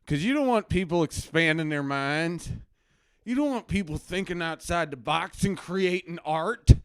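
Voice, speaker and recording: A man playing a blustering, paranoid male anti-drug crusader doctor who hosts a live stream from his basement, ranting between mutters and shouts. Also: a little high, animated, normal speed, smooth, dry recording, clean studio sound. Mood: indignant. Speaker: comedy show host. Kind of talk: satirical character live stream. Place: home basement.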